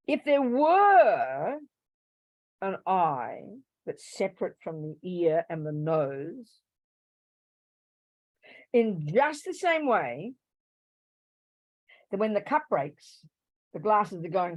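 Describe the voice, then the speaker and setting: A woman teaching Buddhist philosophy to a live class, animated, swinging from loud emphatic bursts to soft asides and acting out little quoted voices. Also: mid-range voice, dry recording. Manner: acts out little quoted voices to make a point. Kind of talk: dharma talk to a live class.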